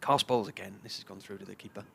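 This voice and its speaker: A man's voice: fairly low pitch, quick pace, creaky, pushed and bright, slightly rough. A man, commentating on live cricket and telling a long, chatty anecdote. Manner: chatty storyteller, puts on voices for characters in his tales.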